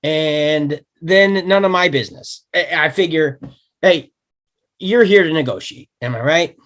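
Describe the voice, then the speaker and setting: A man reading a slick fast-talking executive. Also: fairly high pitch, a bit bright. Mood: smug. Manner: brash, wheedling salesman patter. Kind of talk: table read.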